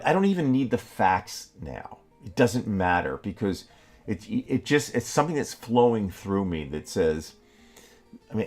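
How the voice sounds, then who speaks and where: A man co-hosting a political talk show, speaking in a heated, halting way with many restarts and curses. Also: lowish voice. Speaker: podcast co-host.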